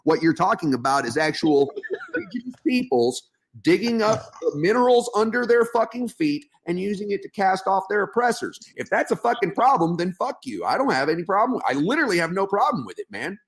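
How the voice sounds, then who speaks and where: A man's voice: sits high, big pitch swings, brisk, husky. A man guesting on a casual podcast interview as a piercing artist, talking bluntly and combatively with plenty of swearing. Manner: blunt, combative and heavily profane.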